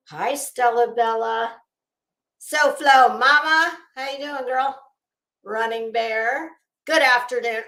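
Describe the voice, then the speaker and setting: A woman's voice: sits high, slow, sharp tone. A woman hosting a casual livestream, chatty and rambling, greeting viewers by name. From Florida. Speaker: livestream host. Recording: echoey room.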